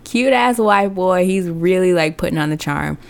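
A woman's voice: on the low side, lively intonation, normal speed, creaky. A woman host telling a comic story in a casual, slangy way, laughing often. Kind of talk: comedic storytelling.

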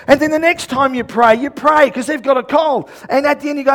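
A man preaching a lively sermon, acting out little conversations and shouting his key points. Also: very high voice, fairly quick. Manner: animated, acts out quoted dialogue, shouts emphasis. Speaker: pastor.

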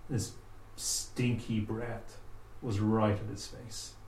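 A man telling a spooky folk tale aloud, with slow, dramatic pauses. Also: on the low side, level tone, creaky, a little mellow, a little hiss or hum. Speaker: storyteller. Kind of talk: oral storytelling. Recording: echoey room, faint ambience.

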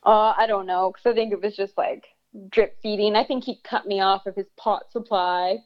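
A woman in her thirties telling a story in a casual interview, animated and swearing freely. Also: medium pitch, normal speed. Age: 30s. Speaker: guest storyteller. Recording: dull lo-fi sound.

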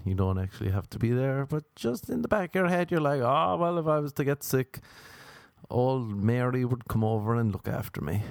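A man's voice: mid-range voice, darkish tone, no echo. Irish man, young, stand-up comic, rambling sardonic delivery, dry close sound. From Ireland. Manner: rambling, repetitive, sardonic asides. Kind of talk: stand-up comedy monologue.

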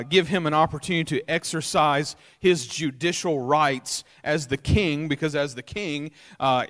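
Brief: male preacher, slightly high voice, reads scripture and explains it casually, long hall reverb. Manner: rises in pitch and volume for emphasis. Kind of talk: sermon.

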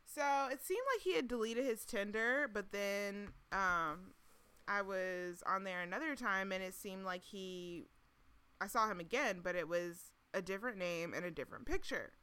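Bright clear-voiced woman on a podcast, chatty, laughs a lot, sarcastic. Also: medium pitch. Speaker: podcast co-host. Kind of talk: casual storytelling chat.

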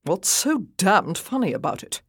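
A woman's voice: on the low side, very animated, normal speed, no echo, studio quality. A woman reading as a blunt, impatient young earl who thinks mostly of horses, speaking in curt commands.

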